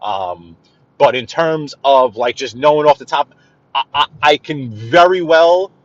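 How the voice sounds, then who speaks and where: Man, New York accent, casual driving livestream, throat-clearing, dry close sound. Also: mid-range voice, expressive, measured pace, dry recording, lo-fi sound. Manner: chatty, greets viewers by name, says friggin'. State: clearing his throat often, under the weather. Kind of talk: casual live-stream chat while driving. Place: inside a car on city streets.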